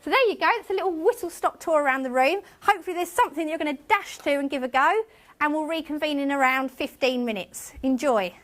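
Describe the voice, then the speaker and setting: A woman's voice: high-pitched, fast, fairly bright tone. A woman teacher presenting a workshop to a room of colleagues, chatty and self-mocking. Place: conference room with tables.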